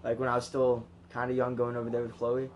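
A man's voice: medium pitch, completely flat delivery, fast, a little hiss or hum. A man co-hosting a podcast in casual chat, laid-back and swearing often, telling his own stories between short interjections.

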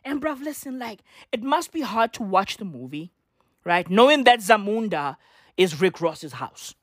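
A man's voice: high voice, big pitch swings, unhurried, no room sound, studio quality. A man ranting casually to camera, profane and slangy, rambling with constant rhetorical questions. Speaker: vlogger.

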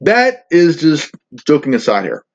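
A man hosts his own podcast in a profane, rambling rant, restarting sentences and stumbling as he goes. His voice sits a bit high for a man. The lo-fi recording sounds dull and muffled. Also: wildly swooping pitch, unhurried. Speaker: podcast host. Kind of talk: crude rambling monologue.

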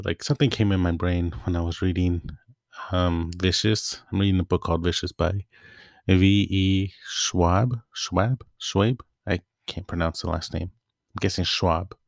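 A man's voice: sits low, no echo, clean studio sound. A young man hosting a casual solo podcast, chatty and rambling, often stopping to restart his thoughts. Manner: rambling, self-interrupting, chatty. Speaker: podcast host.

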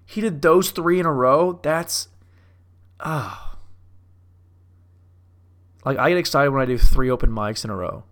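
A man's voice: mid-range voice, a little slow, long pauses, fairly bright tone. A young man riffing casually on movies, profane and self-mocking, like a comic doing a bit. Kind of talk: casual rambling commentary.

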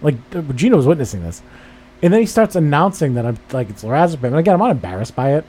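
Mellow-voiced man ranting casually. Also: on the high side, very animated, very fast. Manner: profane, exasperated storytelling with quoted dialogue. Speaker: podcast host. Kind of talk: casual chat. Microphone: studio microphone.

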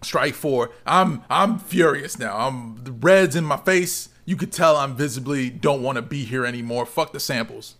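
A man co-hosting a casual podcast, telling a lively story and swearing freely. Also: medium pitch, moderate pace, few pauses. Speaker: podcast co-host.

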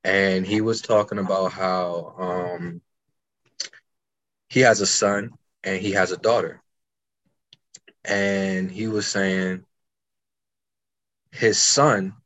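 A young man co-hosting a podcast, telling stories in casual chat with fast bursts and frequent restarts. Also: sits low, steady tone, a bit bright. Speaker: podcast co-host.

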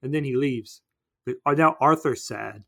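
A man's voice: medium pitch, normal speed, vocal fry, fairly bright tone. A man casually retelling a movie plot on a podcast, rambling and acting out the characters. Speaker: podcast co-host. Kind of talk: casual movie recap chat.

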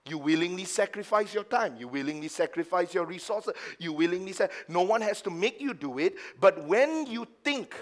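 A man preaching a sermon as pastor at a church service, swinging from hushed low asides to loud, emphatic passages and mocking the excuses of doubters. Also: expressive, normal speed, few pauses. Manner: acts out the lines of doubters in a mocking tone.

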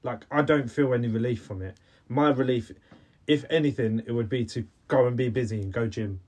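Halting, earnest man in casual chat. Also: mid-range voice, darkish tone. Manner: earnest, halting, with many restarts. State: coughing. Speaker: podcast co-host.

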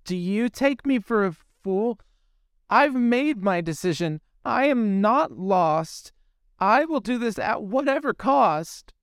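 A man's voice: sits high, lively intonation, slow pace, clear, resonant tone, no echo, studio quality, pitched above the performer's own voice, heavily acted. A man voicing a young mermaid girl who pleads yet holds firm. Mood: pleading. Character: young mermaid princess, determined.

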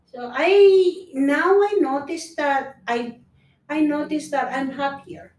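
Woman, earnest, repeats and restarts, slightly high voice, set back from the mic. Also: takes it slowly, darkish tone, roomy sound, recorded from a distance, poor audio. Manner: earnest, repetitive, restarts phrases. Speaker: guest sharing personal story. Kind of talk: casual conversation.

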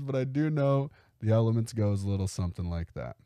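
A young man hosting his own podcast, rambling through a comic story in a relaxed, joking way. His voice is mellow, and the sound is dry and close on the mic. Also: fairly low pitch, fairly quick, hardly any pauses, smooth, no echo. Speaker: podcast host. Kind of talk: casual comedic monologue.

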